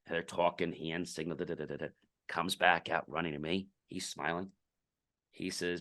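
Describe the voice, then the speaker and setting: A man's voice: low voice, steady tone, moderate pace, bright, forceful tone. A middle-aged man, a podcast guest, telling a business story in casual interview talk and acting out the dialogue.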